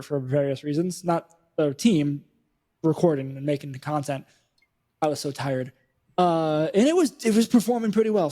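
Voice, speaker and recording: A man's voice: fairly high pitch, warm tone. A man hosting a casual gaming podcast, chatting in an upbeat, self-deprecating way. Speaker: podcast host.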